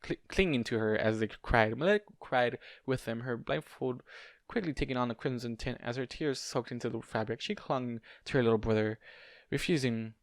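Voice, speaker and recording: A man reads a fan story aloud in an amateur audiobook style, with a mid-pitched, ordinary voice. He trips over words and restarts them, and now and then breaks off for a casual aside. The sound is dry and close to the mic. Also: moderate pace, dry recording. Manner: stumbles and corrects himself, adds casual asides. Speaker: fanfiction reader.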